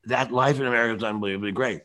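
An older man hosting a podcast, holding forth in an opinionated, lecturing monologue, with a bronchial throat he keeps clearing. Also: medium pitch, fairly even intonation, very fast, bright, forceful tone. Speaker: show host. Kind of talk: casual opinion podcast talk.

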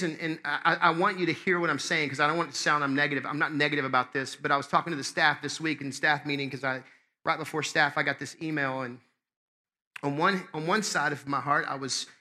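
A man preaching a sermon as pastor, conversational and impassioned, swinging between loud and hushed. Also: on the high side.

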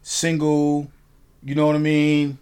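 A man hosting a casual talk show, telling a story in an animated way, swearing freely and often asking "you know what I mean". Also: on the high side, takes it slowly, clean tone. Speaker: podcast host.

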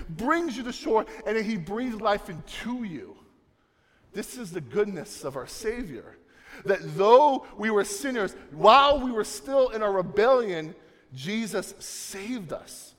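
A young man preaching a sermon, swinging from soft, low passages to loud, emphatic ones. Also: expressive, unhurried. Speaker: pastor. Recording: long reverb of a large hall.

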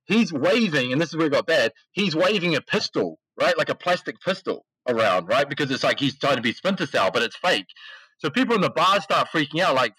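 His voice sits fairly high and a bit husky as he talks fairly quickly, an esports CEO guesting on a podcast. He tells the story casually with lots of slang, lively and acting out the quotes. There's no room sound, and the recording is rough.

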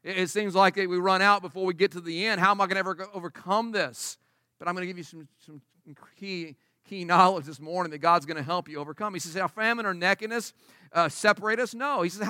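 Bright, high-voiced preaching man. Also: fairly quick, no echo, clean studio sound. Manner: emphatic, conversational preaching with rhetorical questions. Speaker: pastor. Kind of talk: sermon. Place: church service before a congregation.

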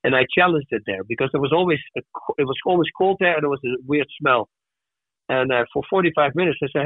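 A man on a podcast, telling personal stories in a lively, animated way and acting out the voices of the people in them. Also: fairly high pitch, quick pace, no room sound. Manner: animated storyteller who acts out voices. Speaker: podcast guest. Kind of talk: casual storytelling. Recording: tinny phone-like dry sound.

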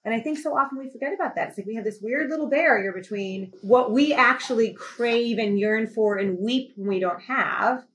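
A woman's voice: a little high, moderate pace, few pauses, fairly bright tone, low-quality recording. A woman who is a healthcare executive guest, telling a story in conversation with emphatic, impassioned intensity.

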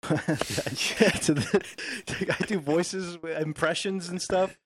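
A man's voice: sits high, extremely slow, background noise. A man hosting a casual chat, laid-back and hedging, with many filler words.

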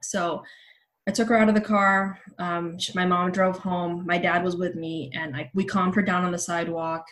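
A woman's voice: on the low side, flat delivery, normal speed, fairly bright tone, slight background noise. A woman in her thirties shares a personal story as a guest on an interview show, candid and conversational. She leans on casual fillers as she goes. Her voice comes through a remote call setup. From Los Angeles. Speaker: podcast guest, journalist.

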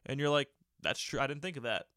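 A man's voice: mid-range voice, animated, fast, a bit bright, dry recording, clean studio sound. A man of thirty chatting casually as a podcast host, rambling and swearing as he tells a work story. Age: 30s. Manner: rambling, profane, self-correcting. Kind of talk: casual chat.

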